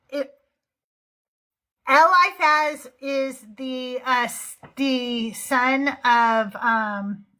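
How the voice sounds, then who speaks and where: This is a casual livestream chat led by the host of a live call-in show, a middle-aged woman whose high-pitched voice has a sharp edge. She keeps things relaxed and often breaks into laughter at her own expense.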